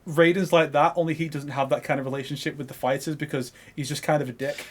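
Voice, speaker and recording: A man's voice: a little high, little pitch movement, fast. Rambling man co-hosting a movie chat. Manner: rambling, lots of fillers, retells scenes. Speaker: podcast co-host. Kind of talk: casual film review chat.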